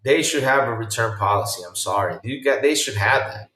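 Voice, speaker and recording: A man hosting a casual live-streamed podcast, reacting with loud exclamations and reading viewer chat aloud. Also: mid-range voice, fairly quick, reverberant, recorded from a distance.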